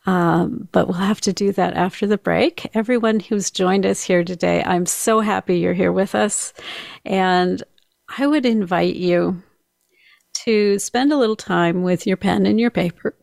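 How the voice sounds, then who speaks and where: A woman hosting a talk show, speaking in a gentle, affirming way and inviting the listeners to reflect. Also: mid-range voice, a little slow, creaky, dry recording, clean studio sound. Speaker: podcast host.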